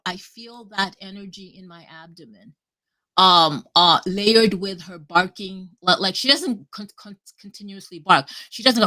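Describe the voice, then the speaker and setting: A woman talking casually and at length on a live audio chat, rambling and animated, cutting herself off and swearing freely. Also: mid-range voice, normal speed. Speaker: guest speaker.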